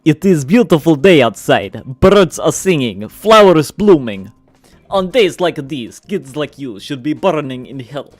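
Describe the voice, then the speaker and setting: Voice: medium pitch, very animated, darkish tone, faint music behind. A streamer doing a cruel mock-Russian enforcer. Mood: mock cheerful. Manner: threatening, slow and heavy. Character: menacing male enforcer, tired and cruel. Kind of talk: voicing a game figure on stream.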